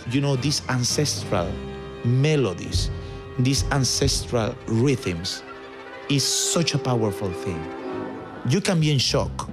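Slow gravelly-voiced conductor. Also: male voice, medium pitch. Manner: reflective, unhurried. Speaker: orchestra music director. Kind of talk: interview clip.

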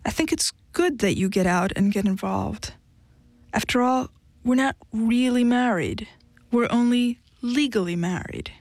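A woman's voice: fairly high pitch, measured pace, darkish tone, dry recording. A woman voicing a blunt, defiant young woman, cutting and dismissive, in an audiobook reading. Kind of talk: audiobook character voice.

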